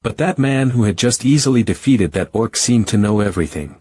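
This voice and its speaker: A man giving a first-person story recap narration in a steady, even reading. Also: fairly low pitch, a little fast, husky.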